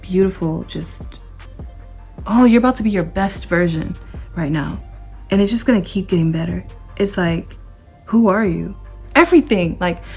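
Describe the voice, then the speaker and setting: Excited woman giving a tarot reading. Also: on the low side, slightly rough. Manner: excited, emphatic, repetitive. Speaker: tarot reader. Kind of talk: casual tarot reading to camera.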